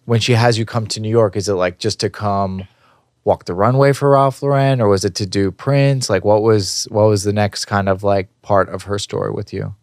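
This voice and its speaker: A man's voice: lowish voice, fairly even intonation, normal speed, no echo, studio quality. A male podcast host in casual conversation who sums up the guest's story and prompts her with follow-up questions.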